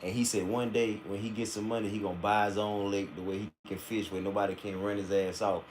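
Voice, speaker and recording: A man streaming a live reaction, telling blunt, profane stories in a casual and animated way. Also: fairly low pitch, quick pace, slight background noise.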